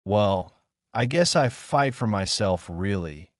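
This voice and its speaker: A man voicing a calm, guarded teenage boy ninja who speaks nonchalantly in a fan fiction reading. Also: lowish voice, slow pace, no echo, clean studio sound.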